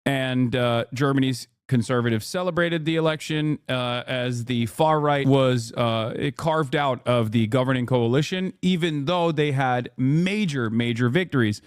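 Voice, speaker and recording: A male streamer talking in a loose, rambling way, full of ums and restarts. His voice is smooth and resonant, and the sound is close and dry, with no room around it. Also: mid-range voice, dry recording. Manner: rambling, halting with fillers. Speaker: streamer host. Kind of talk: casual livestream commentary.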